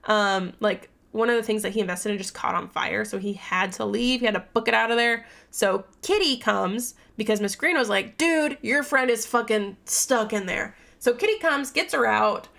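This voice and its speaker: A woman's voice: medium pitch, moderate pace, vocal fry, hardly any pauses, a bit bright. A young adult woman vlogger giving a casual book recap in a chatty, rambling, profane way with many fillers.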